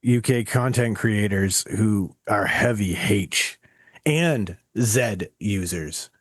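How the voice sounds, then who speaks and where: A man's voice: fairly low pitch, takes it slowly, no room sound, studio quality. A man co-hosting a podcast in casual chat, emphatic and insistent, swearing offhandedly. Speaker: podcast co-host.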